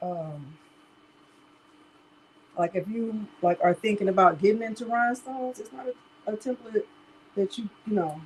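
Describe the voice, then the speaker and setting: A woman's voice: mid-range voice, moderate pace, pauses often, darkish tone, slight background noise, rough recording. Chatty woman hosting a craft livestream. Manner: chatty, talks straight to viewers as "y'all", laughs often. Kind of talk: casual live tutorial chat.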